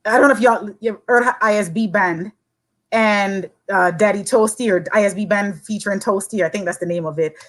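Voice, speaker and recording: The audio is poor as a Saint Croix woman, a podcast guest, speaks a little fast in a mid-range voice. She is earnest and encouraging in casual chat, going on in long stretches.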